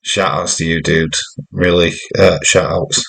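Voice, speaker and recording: A man's voice: deep voice, steady tone, normal speed, creaky, fairly bright tone, poor audio. Chatty man streaming a wrestling watch-along. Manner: chatty, rambling, jokey. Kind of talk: casual live watch-along commentary.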